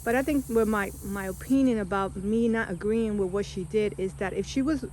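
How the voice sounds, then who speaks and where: Calm woman giving her opinion. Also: medium pitch, fairly quick, a little hiss or hum. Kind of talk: casual chat.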